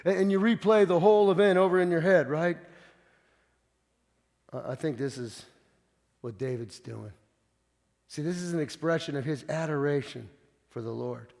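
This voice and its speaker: A man preaching a conversational sermon, with frequent stumbling repeats, swinging between loud and hushed. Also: fairly high pitch, moderate pace, creaky, long pauses, big-room sound. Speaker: pastor.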